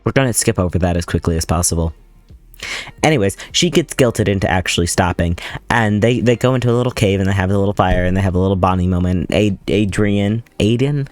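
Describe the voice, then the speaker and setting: A man's voice: low voice, fast, no room sound, faint music behind. A man recapping a movie in a casual, sarcastic, profane, rambling way. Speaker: movie commentator.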